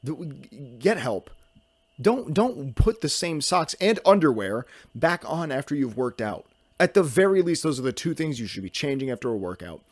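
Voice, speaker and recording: A young man rambles through a solo podcast in a goofy, self-mocking way, hopping from one topic to the next. His pitch swings widely as he talks. The sound is dry and close, with no room around it. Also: very animated, normal speed, no echo. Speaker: podcast host.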